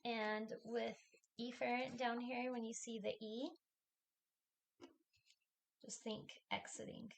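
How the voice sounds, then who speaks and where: A woman's voice: a little high, flat delivery, slow pace, gravelly, long pauses. A woman instructor giving a recorded lecture, talking through a diagram step by step in a plain, explanatory way.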